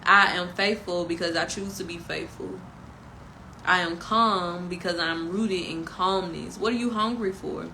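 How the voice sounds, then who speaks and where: A woman's voice: lowish voice, steady tone, unhurried, bright, forceful tone, slight background noise, poor audio. A woman giving a casual tarot reading and spiritual pep talk, emphatic and preachy with slangy asides. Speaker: tarot reader and spiritual guide.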